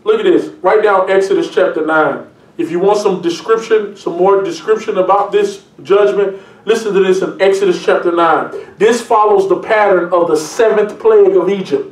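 Man, pastor, sermon, joking and lively, distant mic, echoey church. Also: high voice, normal speed. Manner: lively and joking, reads scripture aloud. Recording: echoey room, mic from afar.

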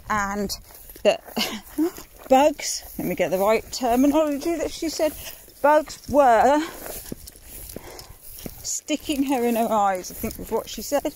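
A high-voiced woman who talks at an unhurried pace. She chats casually and grumbles with plenty of swearing while walking outdoors through farm fields. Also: lively intonation, a little hiss or hum. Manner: chatty, exasperated grumbling, swears freely. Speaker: mother vlogging a countryside walk. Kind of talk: casual outdoor vlog chat.

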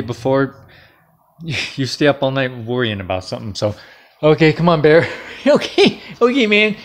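A man casually reading a short scary bedtime story at home, joking and laughing along the way. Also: medium pitch. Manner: playful, jokey, laughs often. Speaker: storyteller host.

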